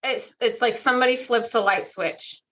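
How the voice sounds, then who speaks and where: Bright woman guest, earnest. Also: a little high, fairly even intonation, normal speed, distant mic, lo-fi sound. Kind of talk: casual chat.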